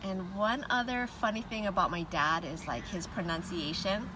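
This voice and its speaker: A woman's voice: medium pitch, moderate pace. A woman chatting casually with viewers on a livestream from her car, greeting them and laughing often. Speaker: livestream host. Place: parked car with windows down. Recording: faint traffic noise through open windows.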